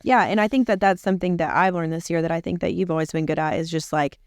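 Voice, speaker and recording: Smooth low-voiced woman guest. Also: quick pace, darkish tone, dry recording, studio quality. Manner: thoughtful, earnest, affirming. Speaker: podcast guest. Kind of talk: casual chat.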